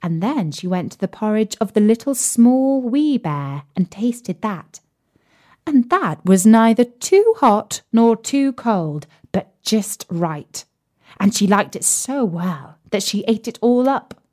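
A woman reading a children's fairy tale aloud in a measured, gently expressive way. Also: fairly high pitch. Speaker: storyteller. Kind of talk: storybook read-aloud.

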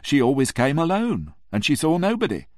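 Guy doing a polite landlady lady, voice way up high, bouncy and deferential, dry close sound. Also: huge pitch swings, normal speed, dry recording. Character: polite middle-aged woman landlady.

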